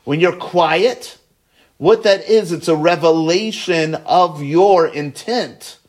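Man teaching Talmud, sing-song and lively. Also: on the high side. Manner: explains step by step, checks in with "right?" and "okay?"; chants Aramaic phrases slowly, then explains in quick English. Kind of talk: Talmud study lecture.

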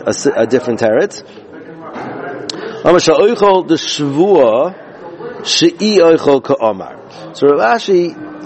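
A man with a fairly high voice teaching a Talmud passage. He works through it step by step, often restarting and repeating phrases, with Aramaic and Hebrew terms mixed into his English. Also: darkish tone, rough recording.

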